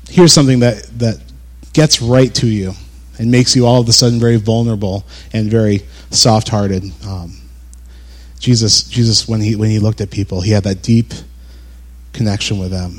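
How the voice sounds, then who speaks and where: A man in the middle of a Bible teaching, talking in a relaxed, chatty way. His pitch sits at an ordinary middle level. He chuckles now and then and acts out the voices of the people he quotes. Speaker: preacher.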